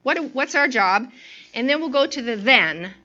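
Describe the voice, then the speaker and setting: A woman's voice: high voice, expressive, moderate pace, pushed and bright, muffled recording. A woman giving an informal sermon to a women's group, telling a personal story full of fillers and restarts before reading scripture. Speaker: women's ministry speaker.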